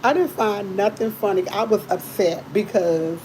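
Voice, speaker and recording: A woman's voice: medium pitch, moderate pace, slight background noise, poor audio. A woman hosting a live stream, telling her viewers a story in a casual, exasperated way, repeating herself and swearing freely. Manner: animated, exasperated retelling with repeated phrases; colloquial, blunt, swears freely.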